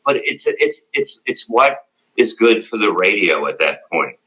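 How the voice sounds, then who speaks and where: A man's voice: fairly low pitch, sing-song, measured pace, pushed and bright, low-quality recording. A middle-aged man being interviewed, telling blunt, profane, rambling stories about his radio days. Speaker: interview guest, former radio show staff. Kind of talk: casual interview.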